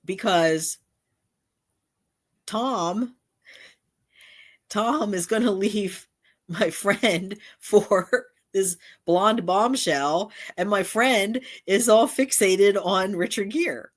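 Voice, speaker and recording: A woman's voice: medium pitch, very slow. A middle-aged woman hosting a casual livestream, talking in a rambling way with many restarts and asides. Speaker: channel host.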